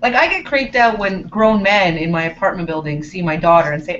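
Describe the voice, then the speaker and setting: A woman's voice: on the low side, fairly quick, hardly any pauses, a bit bright, a little hiss or hum. A woman in casual chat, firm and emphatic, who repeats her points. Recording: dull lo-fi audio.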